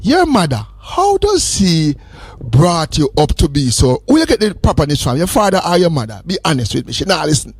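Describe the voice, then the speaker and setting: A man's voice: a little high, wildly swooping pitch, a little fast, darkish tone, husky, no echo. A man hosting a radio call-in show, joking and teasing his caller in a playful, sing-song way. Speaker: radio host. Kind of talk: casual call-in chat.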